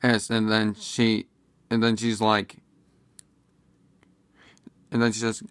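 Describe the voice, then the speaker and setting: A man's voice: fairly low pitch, monotone, slow pace, fairly bright tone, clean tone, no echo. A man casually commenting in a vlog, rambling and hesitant with many fillers and restarts. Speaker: video commentator.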